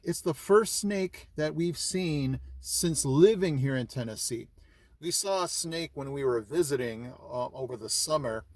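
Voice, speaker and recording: A man's voice: fairly high pitch, unhurried, a little mellow, no room sound. A middle-aged man, hosting his vlog and telling a story casually, acting out his own reactions as he goes. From California. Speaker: vlog host.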